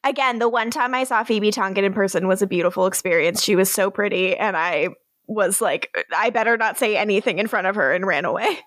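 A woman's voice: medium pitch, brisk, fairly bright tone, dry recording, clean studio sound. A woman co-hosting a podcast in casual chat, bubbly and enthusiastic, giggling often. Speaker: podcast co-host.

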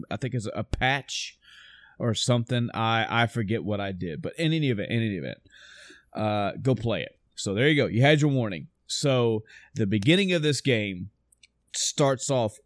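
Dude rambling about a game, cussing constantly, mid-pitched voice, dry room. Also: male voice, dry recording. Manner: profane, rambling, enthusiastic. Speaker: podcast host reviewing a video game. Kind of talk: casual chat.

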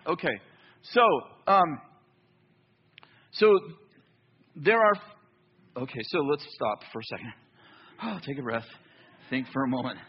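A man preaching a sermon in a church, telling a story with lively back-and-forth dialogue. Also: mid-range voice, unhurried, pauses often, breathy edge, muffled recording. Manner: animated storytelling, acts out both sides of dialogue. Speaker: pastor.

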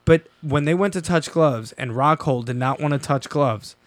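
Animated man talking fights, dry sound. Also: on the high side, normal speed, dry recording. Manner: animated, swearing, restarts sentences. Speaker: podcast co-host. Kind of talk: casual fight-talk chat.

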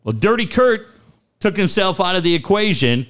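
A man's voice: high-pitched, moderate pace. A man in his forties co-hosting a show, telling stories with lots of swearing and put-on voices. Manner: animated, swearing, puts on voices in anecdotes. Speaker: radio show co-host. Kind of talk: casual banter.

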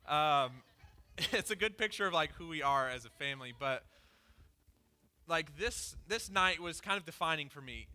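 A pastor giving a conversational sermon, candidly telling a personal story with lots of "like" fillers. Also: male voice, a little high, lively intonation, moderate pace, sharp tone. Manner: casual and candid, peppered with "like".

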